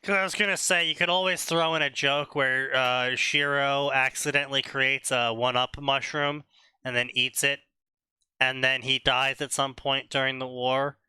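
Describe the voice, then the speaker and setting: A man co-hosting a stream, reading fan fiction aloud and mocking it in animated, casual talk, laughing often. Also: medium pitch, normal speed, clean tone, dry recording. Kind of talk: casual comedic commentary.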